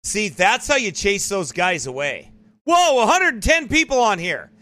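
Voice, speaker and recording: A male preacher with a high, bright voice who talks in a lively, animated way. He is emphatic and mocking as he comments for a livestream audience. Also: normal speed. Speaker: pastor.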